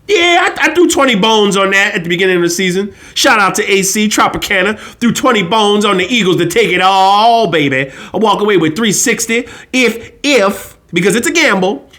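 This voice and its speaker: High, lively-voiced man ranting on finance. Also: normal speed. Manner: blunt, slangy, preachy. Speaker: finance channel host. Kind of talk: casual monologue.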